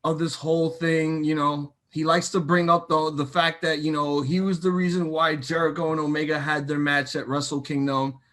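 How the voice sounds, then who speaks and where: Excitable young man talking wrestling. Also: fairly high pitch, moderate pace, hardly any pauses. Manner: excitable, animated with many fillers. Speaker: co-host. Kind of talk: casual wrestling chat.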